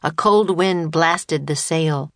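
A woman narrating a children's story audiobook in a clear, steady way. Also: low-pitched, slow pace, no echo, studio quality.

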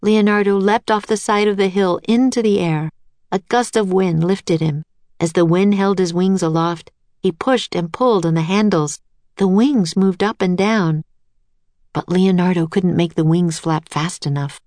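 A woman reads a children's chapter book aloud with steady, clear narration. Her voice sits a bit low for a woman, and the recording is dry and close with no room echo. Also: measured pace. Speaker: storybook narrator.

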